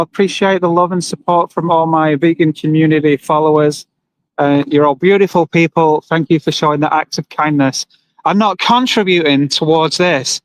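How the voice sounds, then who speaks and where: Male livestreamer, higher pitch, earnest and emotional, outdoor phone stream by a road. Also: dry recording, rough recording. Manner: earnest, emotional, talks to viewers and reads comments aloud. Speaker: livestreamer at an animal rights vigil. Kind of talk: live-streamed casual monologue. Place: outdoors by a roadside with passing trucks.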